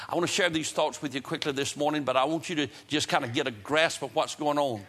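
A man's voice: a little high, fast talker, hardly any pauses, fairly bright tone. A man preaching a fervent sermon in a church, repeating phrases for emphasis and leading a prayer. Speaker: pastor. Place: church sanctuary, broadcast on radio and internet.

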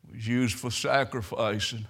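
A man preaching a sermon, telling stories and swelling into loud, emphatic preaching. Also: mid-range voice, fairly even intonation, normal speed, husky.

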